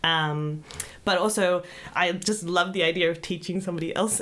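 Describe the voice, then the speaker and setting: A woman's voice: lowish voice, steady tone, moderate pace, a bit bright, a little hiss or hum. A young woman doctor co-hosting a podcast, chatting casually, laughing often and joking about herself. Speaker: podcast co-host, junior doctor. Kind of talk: casual chat.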